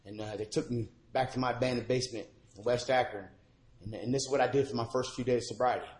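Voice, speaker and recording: A man's voice: mid-range voice, fairly even intonation, quick pace. Earnest man giving testimony in an echoey room. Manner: earnest, swings from hushed to shouting. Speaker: recovery meeting speaker. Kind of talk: personal recovery testimony. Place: church meeting room.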